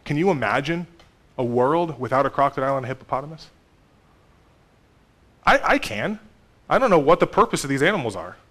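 Guy in his 30s preaching, chatty sermon, jumps from loud to quiet a lot. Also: mid-range voice, brisk, long pauses. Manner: conversational, animated with sudden loud and soft turns. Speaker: pastor.

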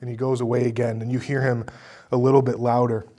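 A male preacher giving a sermon, telling a story dramatically and swinging from a hush to forceful emphasis. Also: medium pitch, level tone, quick pace.

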